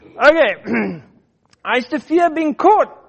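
A middle-aged man from Africa, telling personal stories in a casual, animated way, often repeating words as he goes. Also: very high-pitched, slow pace, vocal fry. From South Africa. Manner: animated, repeats words, acts out his quotes. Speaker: storyteller. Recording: dull muffled lo-fi recording.

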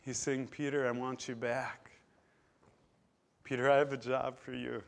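A man preaching a sermon, emphatic, swinging between loud stressed words and quiet, low drops. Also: little pitch movement, measured pace, creaky.

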